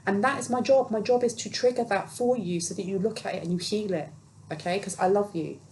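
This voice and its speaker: A woman's voice: mid-range voice, a little fast, darkish tone, a little hiss or hum, poor audio. Earnest woman giving a tarot reading. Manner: earnest, reassuring, acts out quoted voices. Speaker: tarot reader. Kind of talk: spiritual tarot reading monologue.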